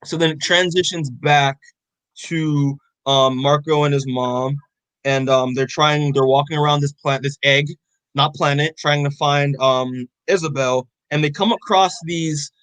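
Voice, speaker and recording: Rambling, profane young man, fairly high voice. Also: fairly even intonation, measured pace, a bit bright, smooth, no echo, rough recording. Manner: rambling, swears freely, many fillers. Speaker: podcast co-host. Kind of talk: casual chat recapping a comic.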